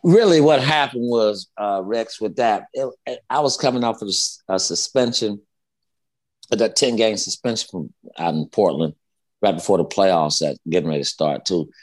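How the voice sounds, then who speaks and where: Fifties male guest, low-pitched, salty and fired-up anecdote teller. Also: moderate pace. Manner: profane, heated, repetitive storytelling. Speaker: guest, former basketball player. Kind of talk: casual storytelling interview.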